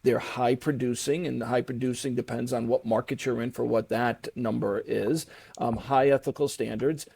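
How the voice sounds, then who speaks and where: A man's voice: medium pitch, steady tone, moderate pace, vocal fry, darkish tone, breathy edge. A middle-aged man speaking as an interview guest, friendly and self-deprecating. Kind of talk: casual interview chat.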